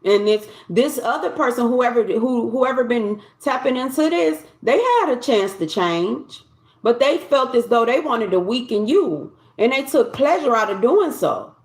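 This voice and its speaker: A woman's voice: fairly high pitch, expressive, measured pace, echoey room. Chatty woman giving a tarot reading. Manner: loose, conversational, repeats and restarts phrases. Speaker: tarot reader.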